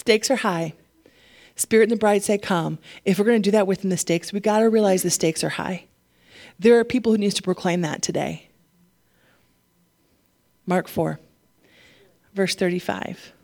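A woman pastor preaching a sermon, animated and laughing often, getting emotional at times. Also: mid-range voice, normal speed, long pauses.

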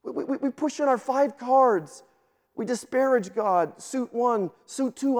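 A man's voice: very high voice, unhurried, a little mellow, in a large hall. A man, a guest pastor, preaching a sermon with emphatic delivery, often repeating words as he starts sentences.

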